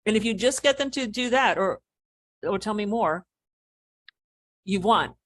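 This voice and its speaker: A woman's voice: mid-range voice, unhurried, no room sound. A woman business coach answering as a podcast guest, explaining animatedly and acting out what people say. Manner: animated explaining, acts out quoted remarks.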